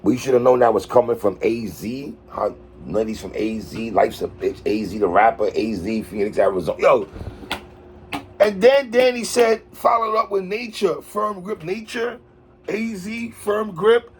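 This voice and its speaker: A man hosting a casual battle rap recap, slangy and animated, getting excited over lines he likes. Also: mid-range voice, unhurried, slight background noise. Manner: animated, slangy, excited outbursts about bars.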